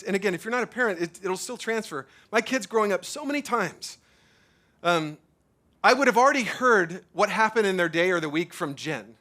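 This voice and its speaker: A man in his thirties or forties, preaching a sermon at a church service in an animated, conversational way, full of fillers and repeated words. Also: high-pitched. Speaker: pastor.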